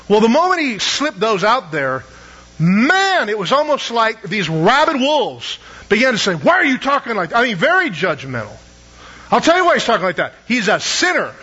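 High, husky-voiced preacher man. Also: fairly bright tone, lo-fi sound. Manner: conversational, storytelling, asks the audience rhetorical questions. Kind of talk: sermon.

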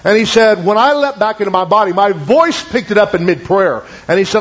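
High-pitched guy preaching, telling a story w lots of asides, kinda muffled lo-fi sound. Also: animated. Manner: retells a story with many asides, quoting in low drawn-out tones. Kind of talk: sermon storytelling. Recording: dull lo-fi recording.

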